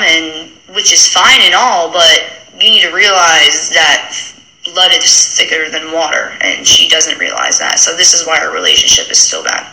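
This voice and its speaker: A woman on a phone live stream, retelling a backstage clash to her followers in a rapid, animated way and mimicking the people involved. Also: sits low, echoey room, low-quality recording. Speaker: reality TV personality speaking to followers. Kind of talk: casual storytelling on a live stream.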